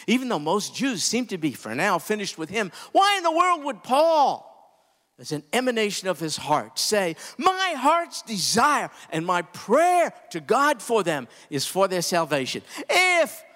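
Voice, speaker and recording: A man preaching a sermon, impassioned, climbing to emphatic peaks and then dropping low and quiet. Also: big-room sound. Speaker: pastor.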